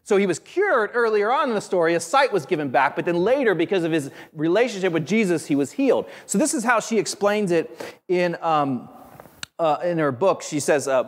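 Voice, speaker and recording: A man preaching a sermon, animated and conversational, with friendly asides to the congregation. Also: sits high, fairly quick, in a large hall. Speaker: pastor.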